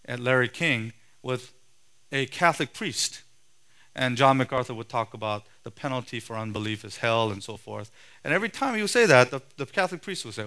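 A man preaching a sermon in a forceful, emphatic way, his voice swelling loud and then dropping low. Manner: forceful, emphatic preaching with sharp rises and drops in loudness.

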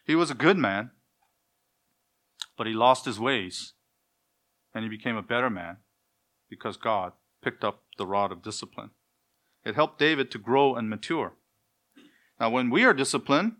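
Guy preaching a sermon, bright punchy voice, asks questions then answers them. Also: medium pitch. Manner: acts out dialogues between parent and child. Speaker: pastor.

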